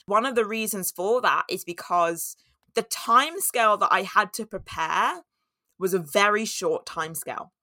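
Woman podcasting solo, bright clear voice, candid and chatty, dry close sound. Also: medium pitch, moderate pace, no room sound. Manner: candid and storytelling, with laughs and acted-out inner voices. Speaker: podcast host. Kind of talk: reflective solo talk.

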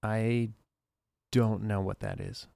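A man's voice: lowish voice, lively intonation, slow, vocal fry, dark tone, no echo, heavily acted. A man voicing a young woman shopkeeper who talks in a nervous, hesitant way.

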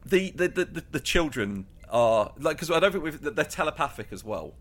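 A man's voice: a little high, big pitch swings, fairly quick. A man co-hosting a podcast in loose, rambling casual chat, laughing often. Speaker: podcast co-host.

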